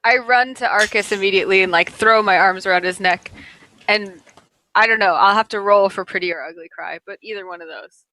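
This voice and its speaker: A woman playing a tabletop game, speaking in an excitable way in and out of character. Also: medium pitch, a little fast, poor audio. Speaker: player.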